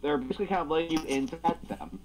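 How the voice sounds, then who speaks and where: A man co-hosting a casual livestream chat, teasing and joking with deadpan asides. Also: fairly high pitch, racing, a little hiss or hum, low-quality recording. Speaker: co-host.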